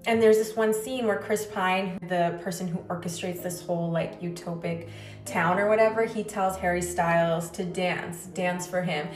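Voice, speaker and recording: A woman's voice: fairly low pitch, fairly even intonation, moderate pace. A woman ranting scornfully in a social media clip, full of fillers. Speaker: social media video maker. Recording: echoey room with faint music.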